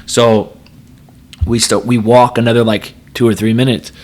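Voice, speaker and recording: A man's voice: medium pitch, flat delivery, normal speed, darkish tone. Brief: thirties guy, casual guest storyteller, rambling with lots of fillers and swearing. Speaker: podcast guest, pro fighter.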